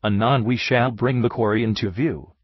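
Man reading as an excitable French detective. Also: mid-range voice, moderate pace, slightly rough, no echo, lightly acted. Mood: urgent. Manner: theatrical, effusive, exclamatory. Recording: dull lo-fi dry recording.

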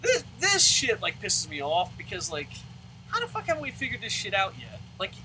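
Bright-voiced man ranting over a game. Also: sits high, wildly swooping pitch, normal speed, slight background noise, rough recording. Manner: ranting, swears constantly, loud outbursts. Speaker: let's play host. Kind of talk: profane gaming commentary rant.

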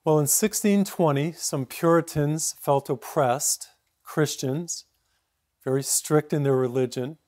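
A man in his sixties from Massachusetts, a priest giving a sermon in a steady, reflective storytelling way. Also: on the high side, measured pace.

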